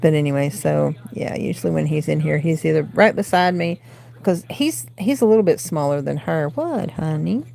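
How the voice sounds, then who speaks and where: Southern woman in her forties, craft stream host, dark mellow voice, rambling chatter. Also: deep voice, animated, moderate pace, creaky. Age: 40s. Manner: rambling, coos baby talk to her cats. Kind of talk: casual livestream chat. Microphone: phone.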